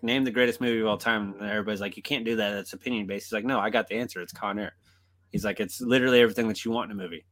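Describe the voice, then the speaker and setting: A man with a fairly low voice chats casually as a podcast co-host. He laughs often and swears freely, keeping things loose and conversational. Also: a bit bright. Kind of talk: casual chat.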